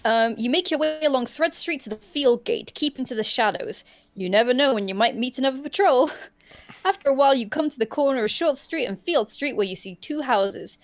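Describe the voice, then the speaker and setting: A woman hosting a livestream, reading a choose-your-own-adventure book aloud in an animated way and often laughing. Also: sits high, a little fast. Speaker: storyteller and host.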